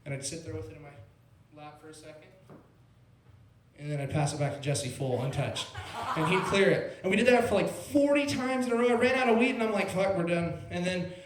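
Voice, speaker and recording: A man's voice: high-pitched, fairly quick, slight background noise. A young man doing stand-up at an open mic in a small club, telling a rambling, laid-back story full of "like" and "bro". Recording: roomy club sound.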